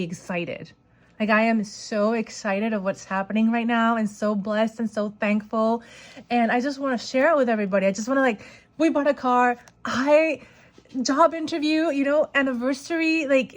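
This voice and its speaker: A woman in her forties talks through her budget in a casual vlog. Her voice sits a little high, and she rambles excitedly, peppering her sentences with "like.". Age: 40s. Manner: rambling and excited, heavy use of "like". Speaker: budgeting vlogger. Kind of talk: casual chat.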